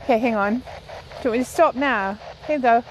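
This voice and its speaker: A woman paranormal investigator gently coaxing and questioning spirits during an outdoor session in a cemetery. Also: a little high, quick pace, slight background noise, low-quality recording.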